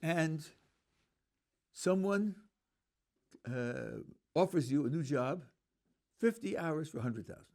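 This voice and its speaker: A man's voice: fairly high pitch, lively intonation, slow, vocal fry, pauses often, darkish tone. A man, a rabbi, teaching a Torah class in an explanatory way, thinking aloud with fillers and restarts. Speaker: rabbi lecturer.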